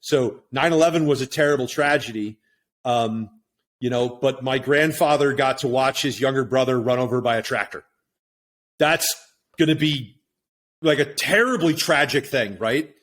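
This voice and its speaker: A man's voice: mid-range voice, moderate pace, fairly bright tone. A middle-aged man talking as a podcast guest in a casual, reflective way, often checking in with "right?". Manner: reflective, tags points with "right?". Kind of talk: casual conversation.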